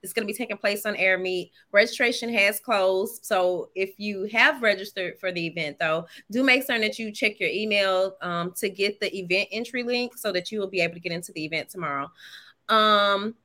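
A woman's voice: medium pitch, brisk, sharp tone. A woman co-hosting a podcast, sharing announcements in casual chat while thinking aloud with fillers. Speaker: podcast co-host.

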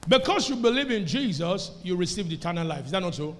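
A man's voice: sits high, big pitch swings, fast. A man preaching a sermon to a congregation, emphatic and calling for responses. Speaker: pastor. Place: church service before a congregation. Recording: echoey church hall.

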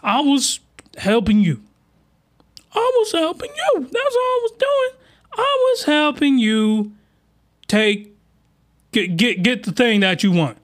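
Man putting on a shrill sobbing princess. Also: big pitch swings, slow pace, pauses often, full character voice. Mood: pleading. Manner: shrill wailing, sobbing pleas, crude comic paraphrase. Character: pleading panicked princess, whiny and desperate.

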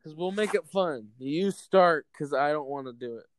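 A man's voice: a little high, lively intonation, normal speed, a little hiss or hum. A young man co-hosting a podcast, chatting casually and crudely, joking and laughing often. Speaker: podcast co-host. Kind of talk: casual chat.

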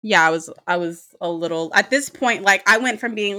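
A young woman with a bright, forceful voice tells a story straight to the listener. She is animated and swears freely, and her laughter keeps breaking through the telling. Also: medium pitch, moderate pace. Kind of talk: casual storytime monologue.

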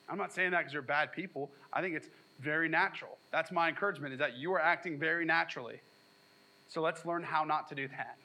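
A young man gives a sermon with a high, bright, forceful voice. He talks to the congregation casually and cracks jokes, with sarcastic asides. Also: vocal fry, rough recording. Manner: jokey, conversational preaching with sarcastic acted quotes. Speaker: pastor.

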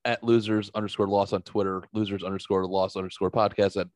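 A man's voice: on the low side, level tone, quick pace, a little mellow, no echo. A man hosting a podcast, chatting casually and profanely, mocking himself and rambling through stories. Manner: self-mocking, rambling storyteller. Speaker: podcast host.

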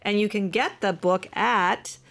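A woman hosting a talk show closes out an interview, thanking her guest and then her audience. Her voice sits in an ordinary middle pitch. Her manner is friendly and relaxed. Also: measured pace, vocal fry. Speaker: podcast host. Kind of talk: closing an interview.

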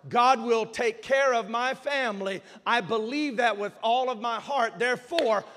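High-voiced preaching pastor, man. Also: measured pace, big-room sound. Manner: preaching, swings from quiet teaching to shouted exhortation. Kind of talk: sermon. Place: church sanctuary.

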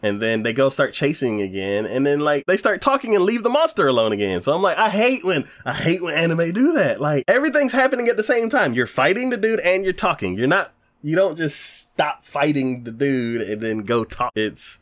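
A man in casual chat reviewing an anime, rambling and hesitant with lots of fillers. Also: medium pitch. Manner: rambling, hesitant, many fillers, laughs often.

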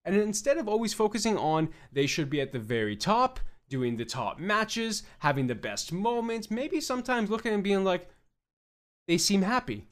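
A young man rants on his podcast in a high, lively voice that leaps up and down as he argues. He is blunt and swears freely, firing off short punchy points. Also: moderate pace, hardly any pauses. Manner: blunt and profane, mocking fans in quoted voices. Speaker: podcast host. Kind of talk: opinionated podcast rant.

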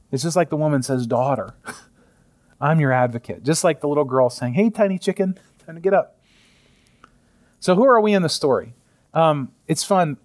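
A man in his thirties preaching a sermon in a conversational way, often chuckling and sometimes dropping to a soft near-whisper. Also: fairly high pitch. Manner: chuckles often while speaking. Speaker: pastor.

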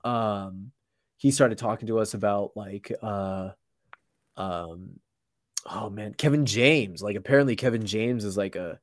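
A man's voice: fairly low pitch, measured pace, no room sound, studio quality. A young man, a podcast guest, telling a story in a casual, slangy way, full of "like" and restarts.

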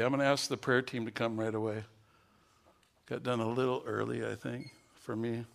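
Gravelly-voiced man preaching a sermon. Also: medium pitch, moderate pace. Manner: storytelling, growing loud and excited at the climax. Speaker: pastor.

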